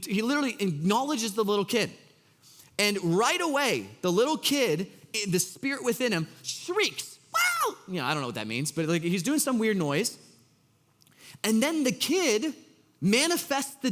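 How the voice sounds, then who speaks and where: A man's voice: high voice, big-room sound. A man preaching a casual, joking sermon as pastor, acting out scripture characters with exasperated voices. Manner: animated, acts out Jesus's lines in an exasperated voice; casual and joking, full of fillers. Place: church hall.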